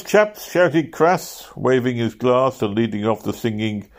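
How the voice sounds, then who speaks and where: A man narrating a novel aloud at a steady pace, lifting his voice for shouted quotes. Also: fairly low pitch. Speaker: audiobook reader.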